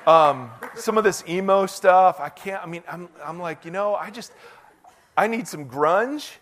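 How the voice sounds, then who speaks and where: Male pastor, middle-aged, high voice, casual self-mocking sermon delivery. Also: measured pace, a little hiss or hum. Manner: conversational, self-deprecating, animated preaching.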